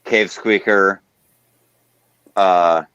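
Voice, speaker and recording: A man's voice: low-pitched, steady tone, drawn-out words, fairly bright tone, clear, resonant tone, dry recording, lo-fi sound. A man hosting a casual stream chat, blunt and swearing constantly. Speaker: stream host. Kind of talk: casual profane group chat.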